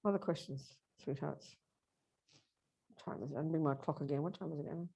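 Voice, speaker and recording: A woman's voice: low-pitched, a little fast, vocal fry, warm tone, slightly rough. A woman teaching a Buddhist workshop, speaking emphatically and directly to her audience.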